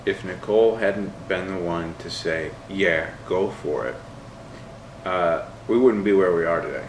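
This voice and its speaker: A young man, a YouTube creator on a couch at home, chatting casually with his wife and telling an animated story. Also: deep voice, unhurried. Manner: rambling storyteller, animated when retelling. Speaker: YouTuber, co-host. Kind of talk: casual couple Q&A chat. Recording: echoey room, faint background hiss.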